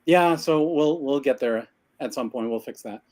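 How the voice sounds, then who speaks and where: A man's voice: mid-range voice, normal speed, a little mellow. A man co-hosting a live stream from his cluttered home office, out of breath and chatting in a rambling, self-deprecating way. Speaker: co-host of a live creative business show. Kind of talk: casual live-stream chat. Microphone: video call.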